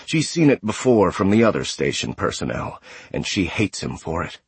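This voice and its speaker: A man narrating a sci-fi audiobook in a steady, measured way. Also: low-pitched, gravelly, husky, no echo. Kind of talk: scripted narration.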